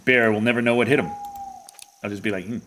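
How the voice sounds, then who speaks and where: A man's voice: on the low side, steady tone, fast talker, fairly bright tone, a little hiss or hum. A young adult man streaming a hunting game, rambling and jokey in casual commentary.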